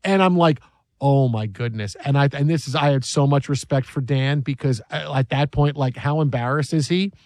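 A man hosting a sports talk show, telling a story in an animated way and acting out the voices of the people in it. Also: on the high side, a little fast, few pauses, no room sound.

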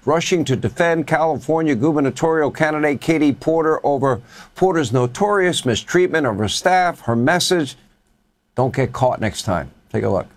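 A man's voice: on the high side, moderate pace. A man hosting a talk radio show, setting up clips with sarcastic quips. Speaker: radio host.

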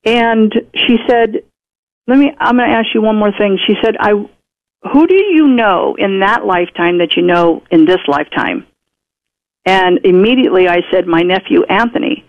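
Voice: medium pitch, normal speed. A radio guest in conversation who tells a personal story in a chatty way and acts out the speech of others. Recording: muffled radio broadcast audio.

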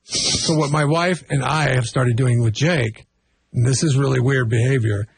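A man telling rambling stories in a casual chat, with frequent restarts. His voice is husky and gravelly. The sound is dry and close. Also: medium pitch, normal speed, dry recording. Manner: rambling, self-correcting storyteller. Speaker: podcast co-host.

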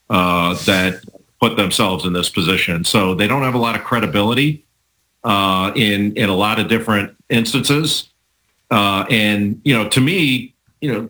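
Low bright-toned man arguing a point. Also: low-quality recording. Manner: measured, argumentative, many restarts. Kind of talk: casual debate chat.

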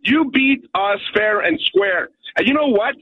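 Calling into a radio show, a Canadian man with a Montreal accent rants emphatically, constantly punctuating his points with "okay?" His voice is extremely high, expressive, and measured, with vocal fry. It comes through a telephone on a tinny phone line.

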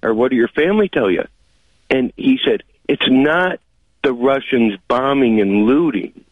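A man's voice: mid-range voice, dry recording. A man calling a radio talk show, telling a long story in a chatty way, with many fillers as he goes. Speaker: caller. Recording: tinny phone line.

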